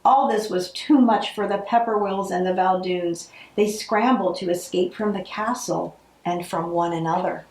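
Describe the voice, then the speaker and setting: A woman's voice: mid-range voice, moderate pace, few pauses, roomy sound, poor audio. Woman reading a storybook aloud. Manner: expressive, acts out the characters. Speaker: storybook reader. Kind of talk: reading a picture book aloud.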